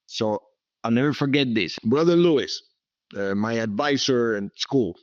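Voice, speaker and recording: A man's voice: medium pitch, lively intonation, moderate pace, no echo, muffled recording. Older Cuban-accented man telling stories. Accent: Cuban Spanish. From Cuba. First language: Spanish. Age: 70s. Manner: rambling, repetitive, emphatic asides like "okay?". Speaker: guest, businessman. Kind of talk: storytelling interview.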